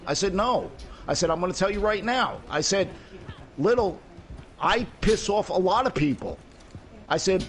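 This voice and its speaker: A man's voice: fairly high pitch, lively intonation, moderate pace, slight background noise. A man in casual voice chat with friends, earnestly retelling a talk with his son and repeating "I said" again and again. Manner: long retelling that repeats "I said" over and over; earnest and emphatic. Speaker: father chatting with friends in a game party.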